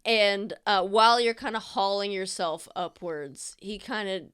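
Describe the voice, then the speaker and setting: A woman's voice: medium pitch, a little slow, fairly bright tone, clean tone. Rambling woman game master. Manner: rambling and self-interrupting, puts on voices for the characters. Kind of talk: narrating a tabletop game.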